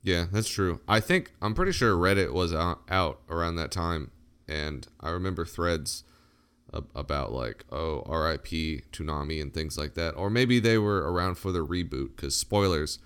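A man's voice: low-pitched, lively intonation, normal speed, fairly bright tone, clean tone. A man in his thirties co-hosting a podcast, chatting casually and joking in a laid-back way that often trails off. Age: 30s. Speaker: podcast co-host. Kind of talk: casual chat.

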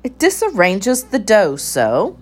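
A woman voicing a crafty old female rat with a brisk, dismissive way of talking. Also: medium pitch, huge pitch swings, darkish tone, voice pushed up, full character voice.

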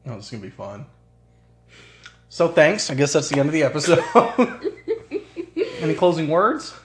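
With big swings in his medium-pitched voice and a measured pace, the co-host tells profane, laughter-filled family anecdotes over a crowd in the background. It's casual chat from a suburban basement, carrying roomy echo and faint hiss.

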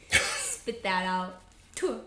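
A woman's voice: lowish voice, pushed and bright. A young woman, a podcast guest, telling stories in casual chat and giggling often. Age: young adult. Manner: chatty storyteller, giggly. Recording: echoey room.

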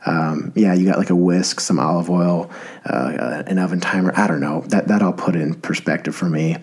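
A man's voice: deep voice, normal speed, slightly rough. A man in his thirties hosting a podcast, rambling in an enthusiastic, self-deprecating way. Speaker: podcast host. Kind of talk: casual podcast monologue.

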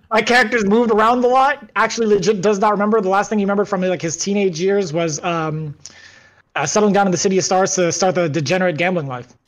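High-voiced man chatting at a game table. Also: fast talker. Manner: casual, giggly, filler-heavy. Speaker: player. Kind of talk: casual chat at a tabletop game.

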